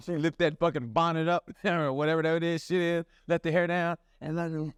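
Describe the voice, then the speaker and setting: A man's voice: a little high, fairly even intonation, brisk, clean tone, no echo, clean studio sound. A man co-hosting a podcast, telling profane comedic stories full of put-on voices. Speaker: podcast co-host. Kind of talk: casual comedic chat.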